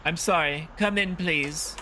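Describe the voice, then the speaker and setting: A gentle, pleading grandmother speaks in a high, wavering voice, put on by a man reading game dialogue. Her tone is bright and strained, and she sounds old and fragile throughout. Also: measured pace, a little hiss or hum. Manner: high quavering old-lady voice. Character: frail elderly woman, sweet and pleading.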